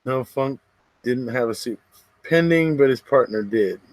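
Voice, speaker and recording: Chatting with his viewers on a laid-back livestream, this middle-aged man from the US West Coast rambles and laughs quickly between comments. He speaks in a mid-range, animated voice on a dry recording.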